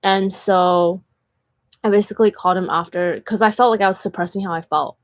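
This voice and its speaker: Brief: woman, candid chatty vlogger, mid-pitched, dry close sound, filler-heavy storytelling. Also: steady tone, brisk, no room sound. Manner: earnest and candid. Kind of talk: casual storytelling vlog.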